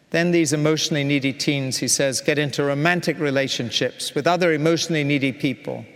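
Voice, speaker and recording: A man preaching a sermon in an earnest, measured way, with emphatic repetition. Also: on the high side, fairly bright tone. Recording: long hall reverb.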